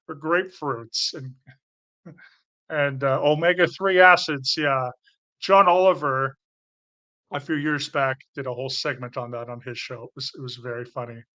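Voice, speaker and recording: A man's voice: on the high side, sharp tone. A man with a light Canadian accent chatting casually as host, rambling a little and often restarting his sentences while he answers comments. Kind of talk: casual livestream chat.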